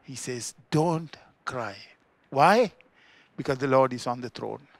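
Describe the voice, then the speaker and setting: Sri Lankan pastor preaching with dynamic emphasis. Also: male voice, lively intonation, moderate pace, vocal fry, dry recording. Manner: swings between loud emphatic peaks and quiet low asides. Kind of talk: sermon. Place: church.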